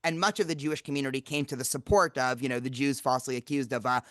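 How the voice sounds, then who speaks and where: A man's voice: medium pitch, steady tone, fast talker, fairly bright tone, no echo, clean studio sound. A young adult man hosting a podcast interview, lecturing and often checking in with "right?" and "you know". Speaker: podcast host, campus rabbi.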